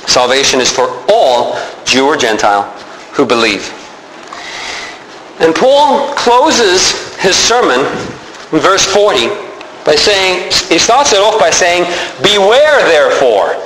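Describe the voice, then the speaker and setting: Male pastor, high and lively delivery, faint background ambience. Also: slow pace, echoey room, slight background noise, low-quality recording. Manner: animated preaching, rising emphasis. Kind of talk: sermon.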